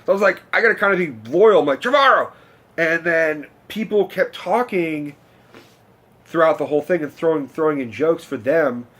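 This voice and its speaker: A man's voice: fairly high pitch, moderate pace, fairly bright tone. A young man, telling a story in a casual, rambling, profane rant to camera. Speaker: vlogger.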